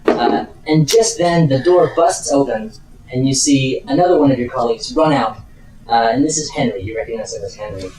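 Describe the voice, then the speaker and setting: A man narrating as game master in a relaxed, hesitant way with many fillers. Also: medium pitch, a little fast. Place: home room with air conditioning. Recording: echoey room, far from mic.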